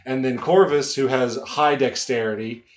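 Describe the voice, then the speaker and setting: A man's voice: medium pitch, moderate pace. Laid-back man recapping a game. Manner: relaxed, rambling recounting with fillers. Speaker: game master and podcast co-host. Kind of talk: casual recap chat.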